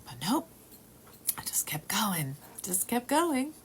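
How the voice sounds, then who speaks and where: Woman, unhurried speech, faint room hum, halting testimony, drops to whispers. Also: a little high, sing-song. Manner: rambling and halting, dropping to whispers. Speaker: testimony speaker. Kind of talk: personal storytelling. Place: at home.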